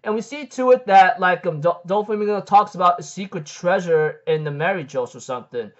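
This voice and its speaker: High-voiced man rambling through a recap. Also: fairly quick, muffled recording. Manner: rambling, heavy on "like, um" fillers and "freaking". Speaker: manga recap host. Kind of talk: casual manga chapter recap.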